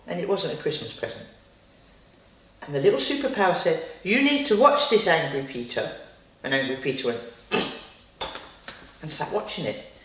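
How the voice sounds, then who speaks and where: Lively woman telling a bedtime story. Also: medium pitch. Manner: lively, chatty asides to the child. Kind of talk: bedtime story told to a child. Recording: roomy, distant.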